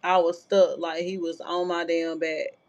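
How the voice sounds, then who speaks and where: A woman's voice: on the low side, flat delivery, measured pace, a little mellow. A woman vlogger telling a personal story in a casual, blunt, profane way, with frequent filler asides. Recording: dull lo-fi sound.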